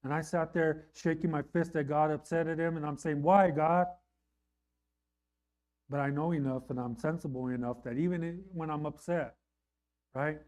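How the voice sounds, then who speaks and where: Male pastor, pitched a little high, earnest conversational sermon delivery. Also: fairly even intonation, a little fast, darkish tone. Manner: earnest, conversational preaching with repeated "right?".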